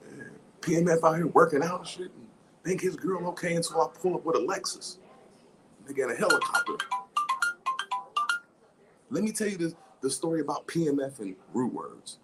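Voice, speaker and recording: A man's voice: on the high side, lively intonation, normal speed, pauses often, over loud music, rough recording. A man from the United States hosting a casual chat, telling a story in a profane, rambling way. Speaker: host.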